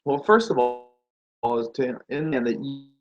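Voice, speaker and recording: A man's voice: mid-range voice, expressive, normal speed, muffled recording. A man giving a motivational talk on branding and sales, asking the listener rhetorical questions and acting out quoted reactions. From Nordic.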